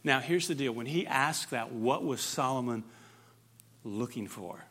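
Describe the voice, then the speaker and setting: A man preaching a sermon, emphatic and dynamic, swinging from loud, fervent stretches to hushed, quiet ones. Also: mid-range voice, lively intonation, a little slow. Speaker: pastor.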